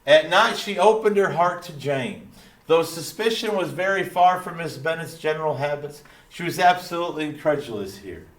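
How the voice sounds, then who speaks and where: A man putting on a drawling small-town cartoon dad, folksy and proud, leaning on his stock phrases as he reads through a lesson. The voice sits a little high for a man and rings in a roomy space. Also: animated, close to an everyday voice. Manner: slow Texan drawl, repeating catchphrases. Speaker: teacher. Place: classroom. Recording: roomy echo.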